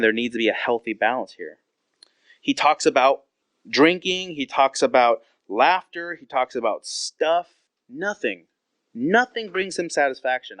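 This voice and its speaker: A man's voice: mid-range voice, fairly bright tone, no echo. A man in his thirties, a pastor, preaching in a candid storytelling way and acting out quoted conversations.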